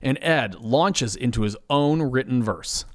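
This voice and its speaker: A man narrating a comedic audio story in a playful, animated way. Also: mid-range voice, measured pace.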